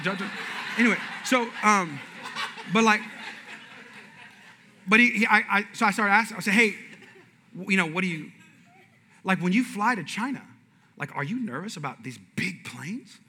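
A man preaching a sermon as pastor, telling animated stories and calling on the congregation to shout out. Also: sits high. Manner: animated storytelling, asks audience to shout out; shifts from loud excited to quiet slow and intimate.

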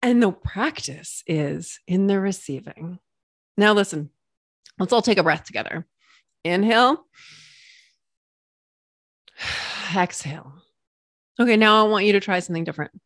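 A woman hosting a solo podcast as a coach, bubbly and animated with playful exclamations. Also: mid-range voice, normal speed, no room sound, studio quality.

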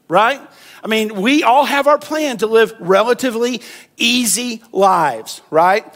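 A pastor delivers a sermon in a conversational way. His voice sits high for a man. He acts out the people in his story with animated delivery. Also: a little slow. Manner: animated, conversational preaching with acted-out quotes.

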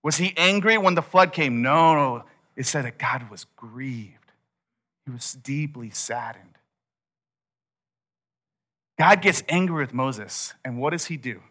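Lively, bright-voiced man preaching. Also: medium pitch, takes it slowly, pauses often. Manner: animated storytelling, acts out quotes. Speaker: pastor. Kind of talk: sermon.

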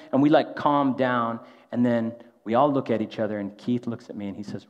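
A man's voice: medium pitch, a little fast, few pauses, a little mellow. A man preaching a sermon in a casual, conversational way, often tossing in a rhetorical "right?". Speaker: pastor. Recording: long hall reverb, dull lo-fi sound.

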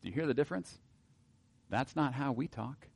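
A man giving a casual, wry Bible teaching to a group, often pausing on filler words and reading passages aloud. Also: mid-range voice, animated, gravelly, breathy edge.

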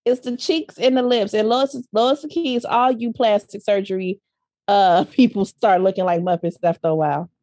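A woman co-hosting a casual gossip chat, giving blunt opinions in an animated way with frequent laughs. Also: medium pitch, moderate pace, dry recording, clean studio sound. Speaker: podcast co-host.

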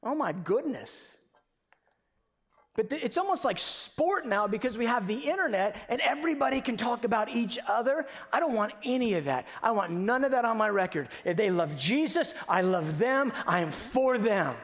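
A man preaching a sermon with passion, moving from quiet, conversational stretches to sudden shouted emphasis. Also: extremely high pitch, sing-song, moderate pace. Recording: long reverb of a large hall.

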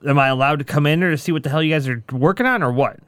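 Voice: medium pitch, rapid-fire, a bit bright, dry recording. A brash player in a tabletop game who speaks bluntly and swears freely.

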